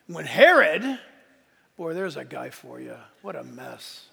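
Gravelly high-voiced male preacher. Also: sing-song, slow pace, big-room sound. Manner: conversational preaching with asides, building to shouted emphasis. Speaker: pastor. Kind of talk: sermon.

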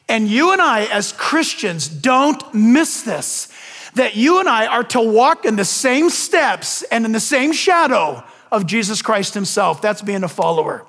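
An older man preaching to a congregation, with an unusually high voice for a man. He asks the room questions and drops homey asides between points. His voice rings out in a large hall with a long reverb tail. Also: very animated, a little slow, a bit bright. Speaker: pastor. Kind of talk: sermon.

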